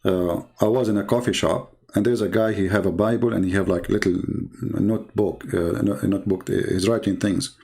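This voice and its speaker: A man's voice: steady tone, brisk, creaky, few pauses, a little mellow. A man speaking as a Christian public speaker in an interview, earnest and emphatic, in non-native English phrasing. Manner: acts out quoted people with big pitch jumps. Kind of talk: interview talk.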